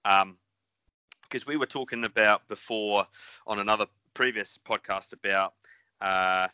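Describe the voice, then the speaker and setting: New zealand man, middle-aged, bright tone, dry close mic, rambling podcast chat. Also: fairly low pitch, steady tone, a little slow, clear, resonant tone, no room sound, dull audio. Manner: rambling, swears, laughs often. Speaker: podcast co-host.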